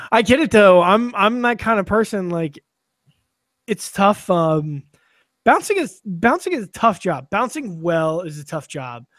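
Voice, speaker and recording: Man, high voice, wry and swearing, casual podcast banter, dry close mic. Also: sing-song, measured pace, fairly bright tone, no room sound. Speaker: podcast co-host. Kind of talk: casual chat.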